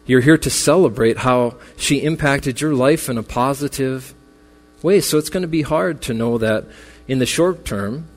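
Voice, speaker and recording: Consoling pastor in a reverberant church. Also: male voice, mid-range voice, normal speed. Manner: earnest, consoling, builds in intensity. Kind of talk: memorial sermon. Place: church sanctuary. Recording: long reverb with faint music.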